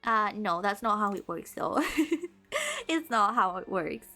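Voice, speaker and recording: A woman's voice: medium pitch, huge pitch swings, slow pace, sharp tone, faint music behind. A young woman streaming a game, chatting casually with her viewers and teasing them with mock laughter.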